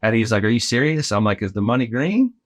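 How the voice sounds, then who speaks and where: A man telling a story in a casual podcast chat, animated and acting out other people's lines. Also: mid-range voice, fast talker. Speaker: podcast guest, arena game host.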